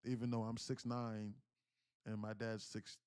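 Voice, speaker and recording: A man's voice: lowish voice, level tone, a little slow, a little mellow, clear, resonant tone, no room sound, studio quality. A man in his thirties telling a profane, emphatic story on a day trading livestream, with frequent restarts.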